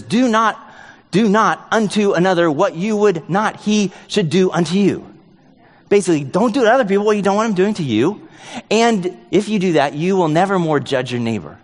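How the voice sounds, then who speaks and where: A male pastor preaching a sermon in a relaxed, joking way, thinking aloud and hedging as he goes. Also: fairly high pitch, long reverb tail.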